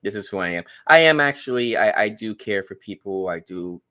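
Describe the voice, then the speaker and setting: A man's voice: fairly low pitch, lively intonation, fairly quick, pushed and bright, smooth. A man from New York guesting on a podcast, talking casually and laughing easily. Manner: laid-back, laughs easily. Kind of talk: casual chat.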